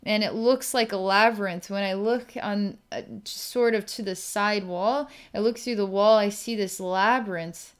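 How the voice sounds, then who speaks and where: Smooth-voiced woman narrating psychic visions. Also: mid-range voice. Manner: halting, searching, describes visions as they come. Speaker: psychic healer. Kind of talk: narrating a distance healing vision.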